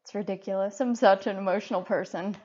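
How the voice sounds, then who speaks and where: A woman of middling pitch co-hosts a casual talk, speaking earnestly in short, halting bursts. Her voice comes through dull and muffled, like a lo-fi recording. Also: steady tone, a little mellow. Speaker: podcast co-host. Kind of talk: casual conversation.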